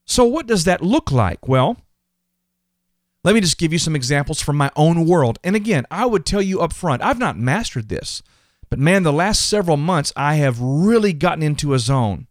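A man's voice: a little high, very animated, normal speed, no room sound. Earnest, emphatic man, dry sound. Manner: earnest and emphatic, often repeats words. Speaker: podcast host. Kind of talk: motivational faith podcast talk.

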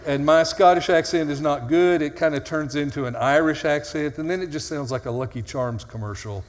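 A man's voice: a little high, a little fast, a little hiss or hum. Earnest preacher man in a reverberant hall. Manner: earnest and conversational, with dry self-mocking humor. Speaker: pastor. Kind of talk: sermon.

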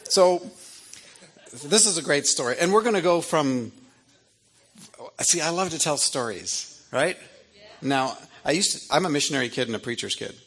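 A middle-aged man with a gravelly, somewhat husky voice, telling funny family stories to a live audience. He talks in a loose, rambling way and keeps drifting into wry asides that amuse him. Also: fairly high pitch, animated, moderate pace, pauses often, a bit bright. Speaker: author speaking to an audience. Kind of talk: humorous storytelling talk.

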